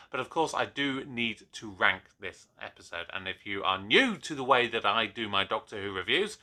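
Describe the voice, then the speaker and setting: A man's voice: mid-range voice, bright, forceful tone. A young man hosting his own channel, giving an opinionated, casual review monologue with frequent restarts. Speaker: YouTube reviewer.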